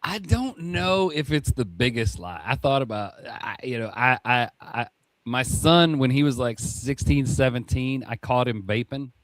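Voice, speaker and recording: A man's voice: medium pitch, lively intonation, a little slow, no room sound. A man in his fifties with a mid-range voice tells stories on a casual podcast. He is wry and self-deprecating, and his voice comes across dry and close. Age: 50s.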